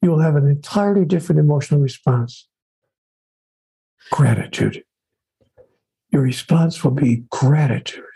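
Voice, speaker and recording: A man with a slightly high, warm voice that is deeply husky and breathy. He speaks about spirituality as an interview guest. His delivery is measured and emphatic, and he stacks phrases into rhythmic lists. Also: poor audio.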